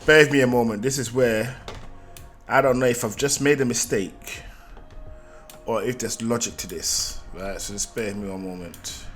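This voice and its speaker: A man's voice: mid-range voice, moderate pace, fairly bright tone, faint music behind. A man giving a live market analysis, thinking aloud and repeating phrases, often checking in with "right?". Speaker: trading analyst.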